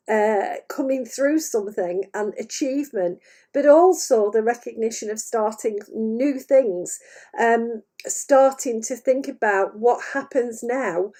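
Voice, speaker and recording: A woman medium speaks unhurriedly to her live-stream viewers in a soft, mellow voice that sits a little high for a woman. Her talk meanders, with many small fillers and restarts, and laughter is never far away. She speaks into a camera mic in a room at home. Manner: chatty and meandering, many "uh"s, easily breaks into laughter. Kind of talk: unscripted spiritual talk to camera.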